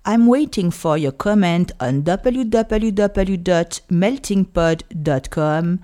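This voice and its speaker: A woman's voice: fairly low pitch, expressive, slow, mellow. A woman with a French accent hosting a podcast, speaking earnestly and choosing her words with care. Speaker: podcast host. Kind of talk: podcast monologue.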